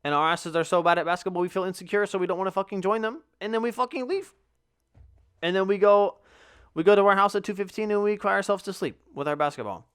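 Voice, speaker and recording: A young man with a fairly high, smooth and clear voice talks through a solo podcast story. He rambles with lots of swearing and mocks himself, jumping into quick acted-out lines of what he said back then. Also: a bit bright. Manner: rambling, profane, self-mocking with acted asides. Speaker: podcast host.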